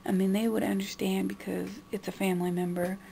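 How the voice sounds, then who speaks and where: A young woman venting to her camera with a frustrated edge, talking at a middle pitch. Her voice has a gravelly, fried texture, and a faint hiss of noise sits under it. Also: level tone, fairly quick, mellow. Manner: frustrated, mimicking others in a high nagging voice. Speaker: vlogger. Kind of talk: venting monologue.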